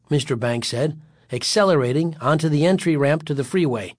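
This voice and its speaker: A man's voice: a little high, brisk, no echo. Man reading a story, dry close sound. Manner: even storytelling, voices dialogue lightly. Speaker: audiobook narrator. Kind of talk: scripted narration.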